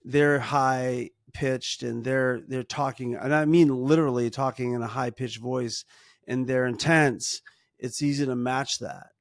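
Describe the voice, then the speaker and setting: Man, middle-aged, gravelly voice, dry close sound, earnest casual advice, restarts sentences. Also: mid-range voice, fairly even intonation, unhurried, no echo. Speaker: podcast co-host, parent.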